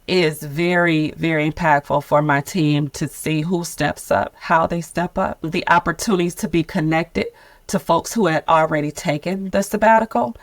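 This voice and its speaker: A woman in her fifties, a nonprofit leader, telling her sabbatical story in a candid, expressive podcast conversation with frequent laughter. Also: low voice, normal speed, dry recording.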